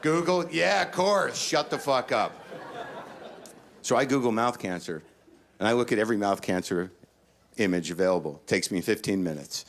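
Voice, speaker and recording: A middle-aged man doing a stand-up comedy set, ranting neurotically and jumping into panicked high-pitched voices. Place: comedy stage before a laughing audience.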